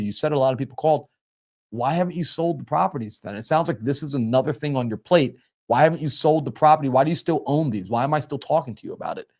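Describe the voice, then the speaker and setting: Animated man telling a sales story. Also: on the high side. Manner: animated storyteller acting out both sides of a phone call. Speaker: real estate investor. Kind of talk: storytelling on a group call.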